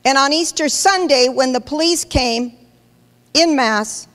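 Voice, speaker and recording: Speaking slowly in a high, fairly bright tone, this woman pastor delivers an emphatic sermon and directly questions the congregation. Long reverb fills the large church hall.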